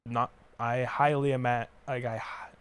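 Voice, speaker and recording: A man's voice: mid-range voice, little pitch movement, normal speed, clear, resonant tone. A young man chatting casually while playing a trucking game, rambling with lots of fillers and casual swearing. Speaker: podcast co-host.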